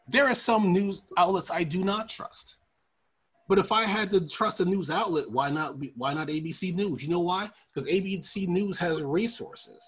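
Give me a high, lively-voiced man ranting and swearing as a podcast host. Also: slightly rough. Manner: profane, ranting, animated. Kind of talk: casual political commentary.

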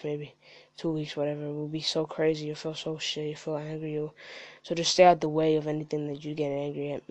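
A man's voice: on the high side, darkish tone. A man hosting a podcast, giving blunt, casual advice with plenty of swearing. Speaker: podcast host. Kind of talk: candid podcast chat. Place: studio.

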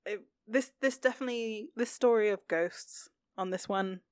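A woman's voice: medium pitch, moderate pace, no echo. A woman co-hosting a podcast, chatting in a rambling way about a TV episode. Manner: rambling, many fillers and restarts. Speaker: podcast co-host. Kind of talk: casual chat recapping a TV episode.

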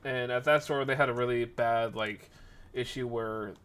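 A man casually tells a rambling workplace story, animated and acting out the voices of the people involved. His voice is medium-pitched, smooth and moderately paced.

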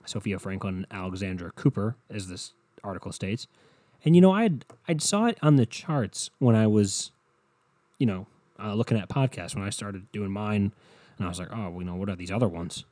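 A man's voice: on the low side, lively intonation, normal speed, warm tone, no echo. A young man hosting his own podcast, ranting bluntly and rambling with lots of swearing. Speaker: podcast host. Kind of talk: solo podcast rant.

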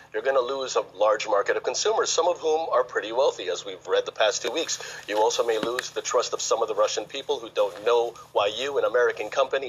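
A man's voice: medium pitch, a bit bright, slight background noise, rough recording. A man reporting as a financial correspondent on a live news link, speaking in a confident, emphatic way.

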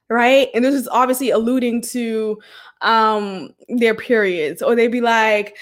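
A woman's voice: sits high, animated, unhurried, a bit bright. A young adult woman hosting a podcast, talking bluntly and frankly with swearing and laughs. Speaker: podcast host. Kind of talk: candid solo podcast talk.

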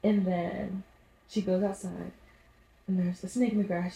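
A woman hosting her own podcast, chatting casually and telling animated stories in which she acts out what people said. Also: mid-range voice, normal speed, creaky, echoey room, poor audio. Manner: animated storytelling, acts out voices in anecdotes. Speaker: podcast host. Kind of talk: casual solo podcast monologue.

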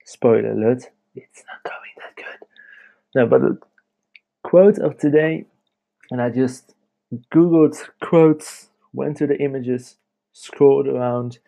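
A man's voice: medium pitch, creaky, mellow, dull audio. A young man hosting a casual late-night podcast from home, rambling and chatty, laughing often as he talks. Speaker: podcast host.

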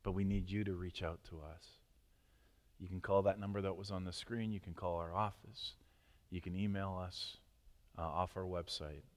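A man preaching as a pastor, speaking earnestly and often dropping to a hushed near-murmur before leading a prayer. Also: low-pitched, fairly even intonation, normal speed. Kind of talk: sermon and closing prayer. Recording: long reverb of a large hall.

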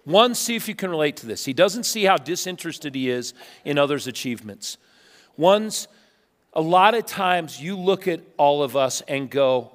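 A male pastor preaching a sermon, telling funny stories and swinging between loud bursts and hushed asides. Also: fairly high pitch, normal speed. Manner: animated storytelling with humor, swinging from loud to hushed. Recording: long reverb of a large hall.

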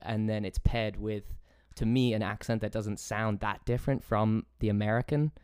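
Young man, English accent, casual podcast chat, smooth resonant voice, dry close sound. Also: fairly low pitch, steady tone, moderate pace, a little mellow, no echo. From England. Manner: casual, swears freely, laughs easily. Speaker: podcast host.

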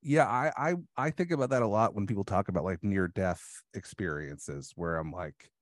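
Halting, low-voiced man musing, dry mic. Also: no room sound. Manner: thoughtful, halting, with many restarts and filler likes. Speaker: podcast guest. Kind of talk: casual conversational chat.

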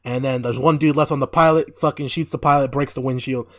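A man's voice: mid-range voice, quick pace. A man co-hosting a podcast, recapping an episode in casual chat, swearing a lot and laughing as he goes. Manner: animated, laughing, heavy swearing. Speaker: podcast co-host.

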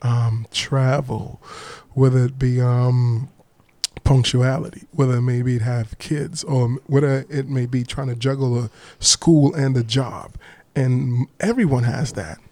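A man's voice: medium pitch, fairly even intonation, measured pace, mellow, dry recording. A man hosting a casual podcast, playful and laid-back, often repeating himself. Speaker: podcast host.

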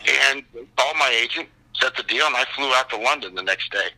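A man in his sixties telling a story as an interview guest, animated and acting out the people in it. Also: mid-range voice, a little fast, low-quality recording. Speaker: actor guest. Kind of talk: casual anecdote telling.

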